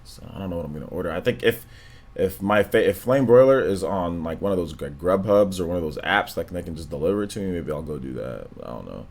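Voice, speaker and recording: A man hosting a live stream in an unhurried, monotone drawl, reading out viewer comments and chatting between them. His voice sits a little low, and his talk is loose, slangy, and full of fillers. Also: creaky. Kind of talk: casual stream chat, reading donations and comments.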